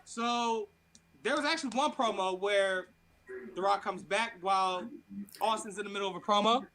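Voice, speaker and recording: A man co-hosting a podcast, telling a story in casual, animated chat with plenty of swearing. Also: sits high, moderate pace, low-quality recording. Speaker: podcast co-host.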